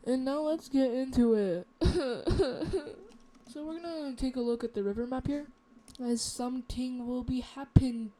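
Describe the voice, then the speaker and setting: Woman, unhurried, mellow, rambling, self-mocking, casual map commentary. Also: high voice. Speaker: map video narrator.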